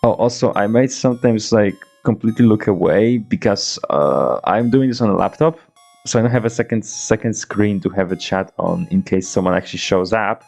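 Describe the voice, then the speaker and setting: Young man, twenties, game streamer, gravelly, rambling, stammers, faint music behind. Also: lowish voice, normal speed, a little mellow. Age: 20s. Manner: rambling, stammering restarts, swears, laughs often. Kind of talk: casual gameplay commentary, reading dialogue aloud. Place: home room, playing on a laptop.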